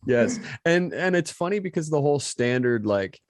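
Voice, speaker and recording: A man's voice: fairly high pitch, expressive, no room sound, studio quality. Chatty Midwestern American man hosting a podcast. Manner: chatty, laughs easily, quick asides. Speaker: podcast host. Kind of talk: casual podcast conversation.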